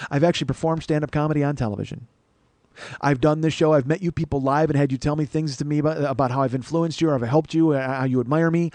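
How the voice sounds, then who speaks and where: A male comedian hosts his podcast with a profane, ranting storytelling style. He talks quickly in a slightly high voice. The sound is dry and close. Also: a little mellow, no room sound. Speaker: podcast host.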